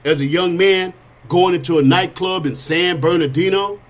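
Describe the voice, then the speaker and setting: Streetwise man, slightly high voice. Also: moderate pace. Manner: streetwise, conversational, earnest storytelling. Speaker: host. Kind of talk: casual monologue.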